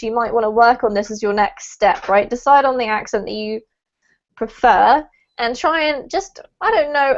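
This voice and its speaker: A woman teaching English pronunciation in an online class, chatty and encouraging, with a light laugh. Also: fairly high pitch. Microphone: video call. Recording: dull lo-fi call audio.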